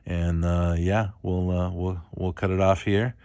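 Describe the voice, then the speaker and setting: A man hosting a fantasy football show alone, talking in a monotone and rambling with many fillers. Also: low-pitched, a little slow, smooth, no room sound, studio quality. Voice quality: monotone, self-described. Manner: rambling, lots of ums and uhs. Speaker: fantasy football league host. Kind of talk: solo casual podcast commentary.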